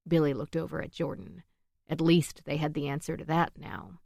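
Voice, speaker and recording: A woman narrating a thriller audiobook in a measured, tense way. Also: deep voice, steady tone, vocal fry, dark tone, no echo, studio quality.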